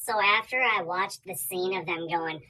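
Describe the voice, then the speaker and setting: A woman doing a comic storytime monologue, animated, swinging between loud bursts and soft asides. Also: on the low side, moderate pace, poor audio. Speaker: comedian.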